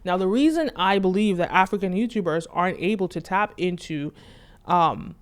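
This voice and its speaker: A woman's voice: lowish voice, lively intonation, moderate pace, clear, resonant tone. A woman hosting her channel, explaining things in casual commentary and leaning on filler words like "right?" and "like". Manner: conversational, leans on "right?" and "like". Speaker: channel host.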